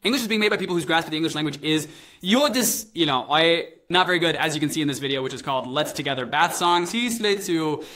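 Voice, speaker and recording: A man's voice: a little high, lively intonation, fast talker, bright, forceful tone. A man giving comedic video commentary, wry and incredulous, often slipping into mocking voices. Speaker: commentary host.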